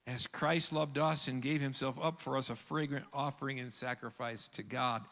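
A man preaching a sermon as pastor, earnest, rising to emphatic peaks and dropping to hushed lines. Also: mid-range voice, steady tone, moderate pace, in a large hall. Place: church sanctuary.

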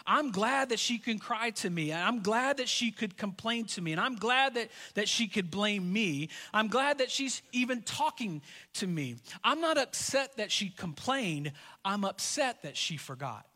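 A man in his thirties delivers a sermon in a high, bright voice. He tells a family story in a conversational tone and repeats key lines for emphasis. His voice rings with long reverb from a church hall. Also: expressive, measured pace. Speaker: pastor.

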